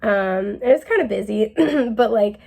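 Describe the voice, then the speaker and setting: Giggly chatty young woman with gravelly fry. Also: medium pitch, lively intonation, a little slow, warm tone. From New England. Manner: chatty, giggly, rambling with many fillers. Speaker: tarot reader. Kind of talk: casual spiritual reading.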